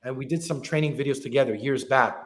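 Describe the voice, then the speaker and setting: A self-defense instructor tells stories in an interview, animatedly acting out club scenes with quoted dialogue. His voice is medium-pitched and quick, with a roomy sound.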